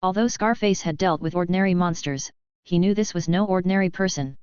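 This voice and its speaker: Low, smooth woman narrating a novel. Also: fairly quick, a little mellow, no echo, dull audio. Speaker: audiobook narrator.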